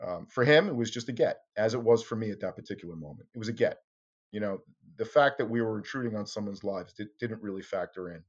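A man in conversation, recounting a story with lively energy and throwing his voice up high whenever he quotes someone. His audio sounds a bit dull and lo-fi, like a remote call. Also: fast. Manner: animated, acts out quotes with sharp jumps in pitch. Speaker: interview guest, former tabloid reporter.

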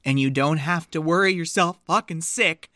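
A woman co-hosting a casual podcast chat, loud and excitable, swearing freely and laughing often. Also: low-pitched, moderate pace, no echo, clean studio sound. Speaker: podcast co-host.

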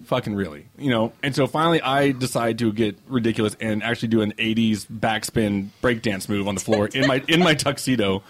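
A young man in a casual podcast chat, his voice sitting in an ordinary middle pitch. He tells a long story with plenty of swearing and brings it to life by playing every line that people said to him. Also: a little fast, few pauses, a little hiss or hum. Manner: animated anecdote-teller, swearing freely, acting out quotes. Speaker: podcast co-host.

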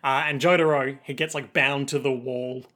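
A man's voice: medium pitch, steady tone, a bit bright. A man casually recapping an anime with a co-host, retelling scenes in a loose, laughing way. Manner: laughing, loose retelling with quick mock voices. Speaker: podcast co-host.

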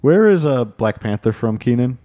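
A man's voice: medium pitch, sing-song, normal speed, dark tone. A man playing an earnest improv student in a comedy sketch, drawling his words.

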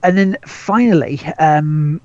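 A man's voice: on the high side, slow, a little mellow, dry recording, dull audio. A man co-hosting a gaming podcast, rambling casually, stumbling over repeated words and swearing freely. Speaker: podcast co-host.

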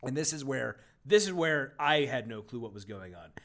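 A man co-hosting a book review podcast, chatting casually and sarcastically, reading passages aloud with mock emphasis. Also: moderate pace. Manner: animated, sarcastic, jumps up in pitch for jokes. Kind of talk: casual comedic chat with read-aloud passages.

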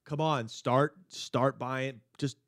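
A man in crude, casual podcast banter, emphatic and quick to agree. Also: medium pitch, steady tone, a bit bright.

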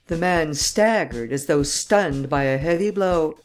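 A woman narrating an audiobook in a steady, measured way. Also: low voice, faint music behind.

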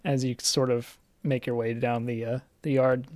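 A game master narrating a tabletop horror game, hesitant with many pauses. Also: mid-range voice, little pitch movement, a little mellow, no echo.

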